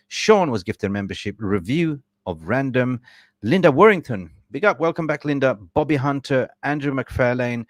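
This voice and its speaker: A man's voice: mid-range voice, dry recording, studio quality. A young man hosting a fan podcast livestream, effusively thanking supporters by name and stumbling over names. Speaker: podcast host.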